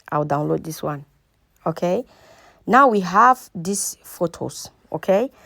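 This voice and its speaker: A woman's voice: lowish voice, no echo, clean studio sound. A woman hosting a casual step-by-step tutorial. She repeats herself often and keeps checking in with the viewer. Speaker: tutorial host. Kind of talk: casual screen-recording tutorial.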